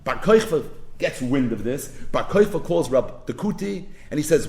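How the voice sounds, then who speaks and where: A man's voice: fairly high pitch, very animated, normal speed, noisy background. A man teaching a Talmud lesson, retelling the story dramatically and building to emphatic peaks. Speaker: Talmud lecturer.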